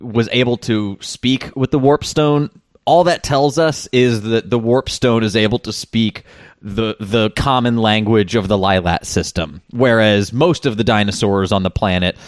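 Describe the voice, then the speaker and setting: A man's voice: lowish voice, unhurried, no room sound, studio quality. A man hosting a podcast in casual chat, hesitant and good-humored. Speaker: podcast host.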